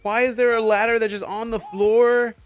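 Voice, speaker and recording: A man's voice: very high voice, little pitch movement, moderate pace, soft background music. A young man live-streaming a game, chatting with viewers in a joking, sarcastic way and swearing casually.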